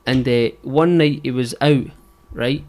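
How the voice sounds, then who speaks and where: Young Scottish male co-host, halting storyteller, swears a lot. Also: mid-range voice, darkish tone. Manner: halting, sheepish, swears often. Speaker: podcast co-host. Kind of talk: casual chat, storytelling.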